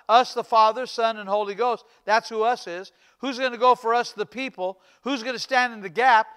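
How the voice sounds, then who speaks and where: A male pastor preaching with fervor, building his lines into rising, repeated calls. His voice sits very high for a man, bright and sharp. The tone stays smooth and clear throughout. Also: normal speed. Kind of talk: sermon.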